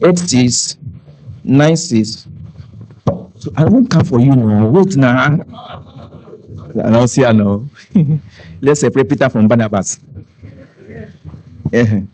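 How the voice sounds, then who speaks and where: This event entertainer and fundraiser from Cameroon has a mellow, mid-range voice and a Cameroonian Pidgin English accent, captured on a low-quality recording. Doing live stand-up comedy, he jokes, bursts into fragments of hymns, and makes a fundraising appeal.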